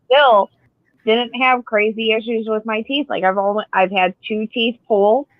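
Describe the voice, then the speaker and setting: A woman's voice: a little high, fairly even intonation, moderate pace, dry recording. A woman co-hosting a podcast, telling rambling stories in casual chat. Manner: chatty, rambling storyteller. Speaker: podcast co-host. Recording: dry, dull lo-fi sound.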